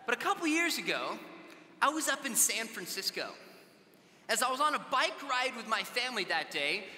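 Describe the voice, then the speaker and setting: A man from Southern California addresses a youth conference in a large hall, his voice very high-pitched with big swings in pitch, a sharp tone, and normal speed. He tells stories conversationally, acting out the dialogue in his anecdotes.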